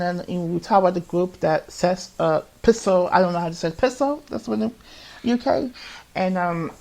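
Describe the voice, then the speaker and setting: A man's voice: sits high, gravelly. A young man in his twenties talks through a personal confession on his podcast. He rambles and circles back, restarting sentences and breaking off as his feelings get the better of him. The delivery is unscripted and loose, like talking to a friend. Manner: rambling and repetitive, with many restarts; emotional, often breaking off mid-thought. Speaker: podcast host. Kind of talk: casual confessional monologue.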